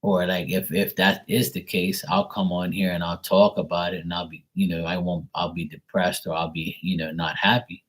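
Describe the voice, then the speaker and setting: A man running a live tarot stream, chatting and rambling in a casual, loose way. His voice sits a bit low, and he swears freely and laughs often as he talks. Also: little pitch movement, moderate pace, few pauses, fairly bright tone, breathy edge, rough recording. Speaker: tarot reader.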